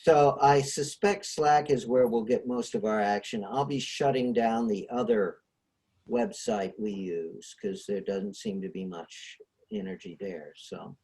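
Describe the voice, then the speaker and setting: A man's voice: fairly low pitch, fairly even intonation, measured pace, a little mellow. A man hosting a casual discussion over a video call, explaining ideas with frequent hesitations. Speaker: host.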